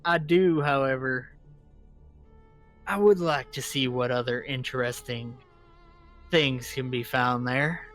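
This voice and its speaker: A man playing his character in a tabletop game with a put-on American Southern accent, speaking in halting, hesitant phrases. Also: mid-range voice, a bit bright, soft background music. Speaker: player.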